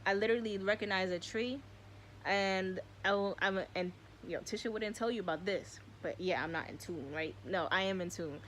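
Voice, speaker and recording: A woman's voice: mid-range voice, brisk, fairly bright tone, a little hiss or hum. A woman in her twenties talking casually to her viewers, rambling and emotional, full of "like" and "y'all", close to tears at times. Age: 20s. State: tearful. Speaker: vlogger. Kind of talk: casual spiritual chat to viewers.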